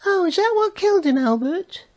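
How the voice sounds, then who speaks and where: A man doing a nosy high-voiced neighbour woman. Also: lively intonation, normal speed. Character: chatty middle-aged woman neighbour Raquel.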